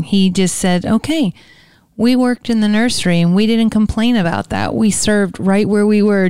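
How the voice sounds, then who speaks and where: A woman's voice: medium pitch, darkish tone, clear, resonant tone, no echo, studio quality. A woman co-hosting a faith talk show, encouraging and quoting scripture.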